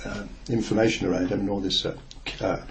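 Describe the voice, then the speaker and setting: A man's voice: fairly low pitch, fairly even intonation, quick pace, creaky, a little hiss or hum. An older man, a former newspaper reporter, recounting a workplace memory in a rambling, hesitant way with many fillers and restarts. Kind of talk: reflective oral history storytelling.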